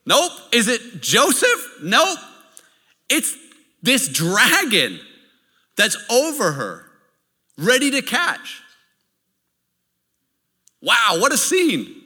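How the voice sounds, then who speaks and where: A man preaching from the pulpit, his voice high-pitched and piercingly bright. His delivery swings up and down as he tells stories and checks in with the congregation. A long reverb tail trails off in the large hall. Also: takes it slowly, pauses often. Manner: lively storytelling, checks in with the audience. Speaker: pastor. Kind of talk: sermon.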